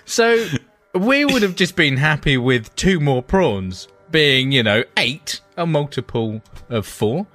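Male co-host, casual chat, expressive up-and-down storyteller who swears a lot. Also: medium pitch, a little slow, few pauses, faint music behind. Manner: animated storyteller, swears freely. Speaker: podcast co-host.

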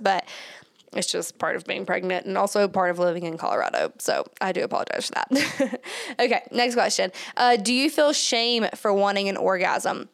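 A woman of middle pitch talks through her podcast in a loose, chatty way, leaning on fillers and breaking into laughs often. She sounds a little out of breath, and her nose is stuffed up. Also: steady tone, moderate pace, gravelly. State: slightly out of breath. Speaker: podcast host. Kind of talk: casual solo podcast talk.

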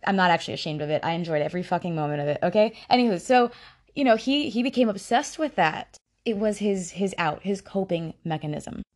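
A woman's voice: mid-range voice, darkish tone. A woman hosting a casual true-crime podcast, talking bluntly, swearing freely and breaking off into frank personal asides. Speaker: podcast host.

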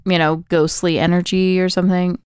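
Clear-voiced woman chatting on a podcast. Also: on the low side, little pitch movement, fairly quick, darkish tone, dry recording, clean studio sound. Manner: chatty storytelling, many "like" fillers. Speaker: podcast co-host. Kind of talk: casual film recap chat.

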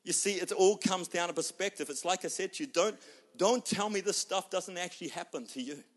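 Speaking a little fast in a high voice, a male preacher works through a sermon by telling stories and voicing the people in them, alternating between loud bursts and quiet moments.

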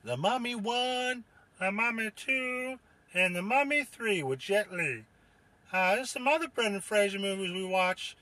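A man's voice: high-pitched, expressive, measured pace, bright, forceful tone, no echo, pitched above the performer's own voice, heavily acted. A man voicing a dim-witted, doting father on a comedy panel who rambles eagerly and mixes things up. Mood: rambling. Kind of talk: improvised comedy character.

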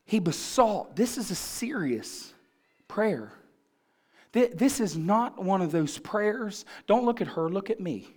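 A man's voice: high-pitched, big pitch swings, slow, a little mellow. A man pastor preaching a sermon, asking the congregation questions and building in fervor.

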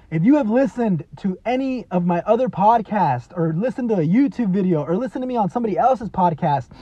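A man's voice: high-pitched, slightly rough, dry recording. A man in his thirties hosting a podcast, talking earnestly in a motivational monologue, leaning on "you know" and "man" and repeating himself for emphasis. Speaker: podcast host. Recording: dry, slightly dull lo-fi podcast audio.

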